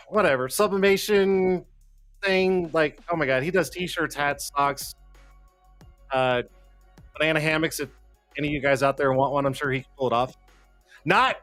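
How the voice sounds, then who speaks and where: A man's voice: high voice, sharp tone, no echo. Flustered cussing livestream host, man. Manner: rambling, cussing, self-deprecating, jokey; flustered, talking to himself while fixing tech. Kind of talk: casual live-stream chat. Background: faint background music.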